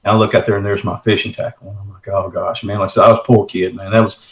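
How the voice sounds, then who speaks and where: A man's voice: lowish voice, flat delivery, rapid-fire, echoey room, muffled recording. A middle-aged man from the States. He earnestly recounts a personal encounter as a caller, in a folksy way. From Texarkana area, southern United States. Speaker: caller telling his encounter.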